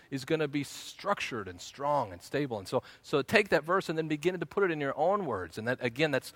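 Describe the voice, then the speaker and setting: A man preaching with a bright, forceful tone, earnest and teacherly, circling back to repeat his key phrases. His voice is close and dry with no room around it. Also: mid-range voice, no room sound. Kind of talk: sermon teaching.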